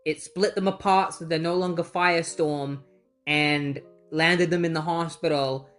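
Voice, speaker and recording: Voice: mid-range voice, fairly even intonation, a little slow, fairly bright tone, faint music behind. A comic book reviewer recapping issues in casual chat, with exasperated asides.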